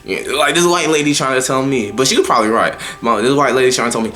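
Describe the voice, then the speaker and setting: A man's voice: mid-range voice, fast talker, few pauses, pushed and bright, faint music behind. A young man telling a personal story in a casual, profane monologue, full of slang and stumbling restarts. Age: young adult.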